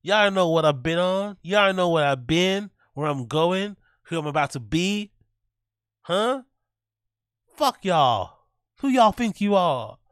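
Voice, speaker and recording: Guy doing a cocky rapper, fake american accent, pitched up high, bold and swaggering. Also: lively intonation, slow pace, clear, resonant tone, dry recording, clean studio sound, full character voice. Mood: defiant. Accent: put-on American. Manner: loud swaggering taunts. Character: brash rapper man, swaggering, defiant.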